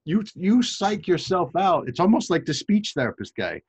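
Husky-voiced male host teasing a guest. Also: high-pitched, big pitch swings, normal speed. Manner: teasing, joking interviewer. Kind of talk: casual chat. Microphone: video call.

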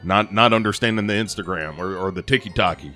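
A man's voice: deep voice, bright, forceful tone, faint music behind. A man putting on a doddering grandpa voice. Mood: befuddled. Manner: put-on grandpa voice, muddled and halting. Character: doddering old grandpa, baffled by new apps. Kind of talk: jokey aside in a podcast.

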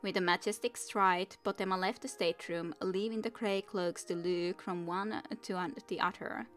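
A woman's voice: lowish voice, steady tone, normal speed, a bit bright, faint music behind. A young woman streamer reading a fantasy novel aloud, with chatty asides to her viewers.

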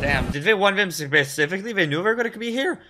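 Excitable young man reacting to a film. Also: sits high, over music. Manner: excitable exclamations and quick questions. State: a bit tired. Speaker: movie reactor. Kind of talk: casual reaction commentary.

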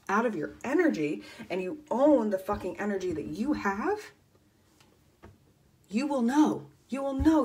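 A life coach, a woman in her thirties, talks fervently on a motivational livestream in a medium-pitched voice. She swears constantly and swings between loud emphasis and near-whispers.

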